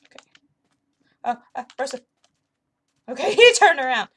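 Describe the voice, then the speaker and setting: Young woman, gaming commentary, chatty, excitable, slightly high voice. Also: normal speed. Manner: chatty, excitable, talks to game characters. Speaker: gaming YouTuber. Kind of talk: casual commentary over gameplay.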